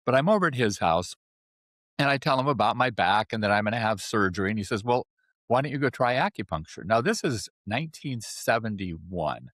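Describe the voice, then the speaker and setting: A man in his seventies, a podcast guest, telling his life story in a chatty, animated way and often checking in with "right?". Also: on the low side, a little fast, dry recording, clean studio sound. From California. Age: 70s. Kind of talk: casual storytelling interview.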